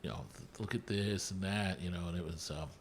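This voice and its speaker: A man in his fifties and a former medic, a podcast guest who tells relaxed anecdotes full of fillers. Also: deep voice, brisk, a crowd in the background. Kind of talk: casual conversation.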